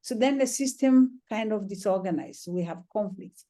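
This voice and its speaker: Mellow-voiced woman healer, gentle and reflective. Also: mid-range voice, moderate pace. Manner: gentle, reflective, many "you know"s. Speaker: trauma healer, interview guest. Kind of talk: conversational storytelling.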